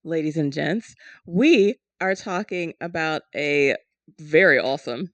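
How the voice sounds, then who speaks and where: A woman's voice: low-pitched, dry recording. A woman co-hosting a podcast in casual chat, playful and teasing. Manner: playful, teasing, quick to laugh. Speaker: podcast co-host.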